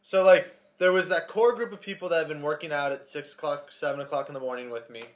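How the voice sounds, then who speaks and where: A man's voice: on the high side, fast talker. A man co-hosting a fitness podcast in casual chat, dropping dry sarcastic asides. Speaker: podcast co-host, personal trainer.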